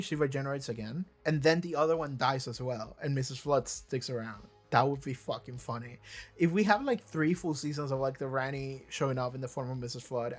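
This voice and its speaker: A man hosting a reaction video, rambling through casual commentary with lots of fillers, restarts and casual swearing. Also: medium pitch.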